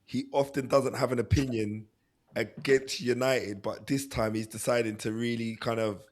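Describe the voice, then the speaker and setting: A man co-hosting a football podcast, talking fast and animated, acting out players' thoughts and laughing often. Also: mid-range voice. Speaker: podcast co-host. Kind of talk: casual football chat.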